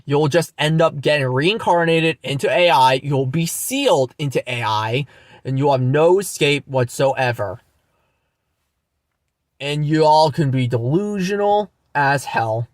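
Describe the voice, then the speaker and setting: A man's voice: fairly high pitch, unhurried, no echo. A young man hosting his own channel, delivering an angry, mocking, profanity-filled rant full of repeated lines. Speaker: channel host. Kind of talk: ranting monologue vlog.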